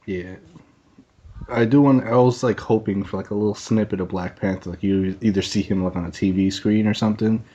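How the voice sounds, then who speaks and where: A man's voice: lowish voice, steady tone, a little fast, mellow. A man hosting a casual podcast, rambling loosely and laughing easily. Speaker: podcast host. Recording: dull lo-fi online call audio.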